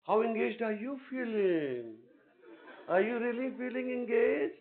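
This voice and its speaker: A high-pitched male lecturer with a lively voice that swings widely, teasing and coaxing students in an interactive class. The sound is thin and tinny, like a phone line. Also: unhurried. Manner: animated, teasing, coaxes students on stage. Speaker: guest lecturer. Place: lecture hall with a stage.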